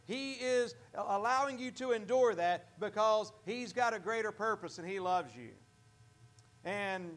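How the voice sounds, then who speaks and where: A pastor preaching a sermon in a church, earnest, often repeating and restarting words. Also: male voice, sits high, a bit bright.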